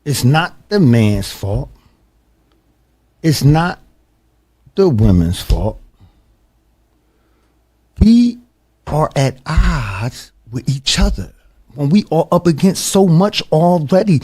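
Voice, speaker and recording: A man's voice: fairly high pitch, big pitch swings, slow pace, long pauses, a little mellow. A man hosting a talk show, telling stories in a casual, emphatic way and calling his listeners "bro" often. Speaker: podcast host. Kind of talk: casual storytelling.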